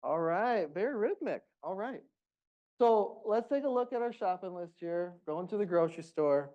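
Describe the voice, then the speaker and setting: A man's voice: high-pitched, lively intonation, normal speed, lo-fi sound. A man leading a group music workshop, giving encouraging, upbeat instructions.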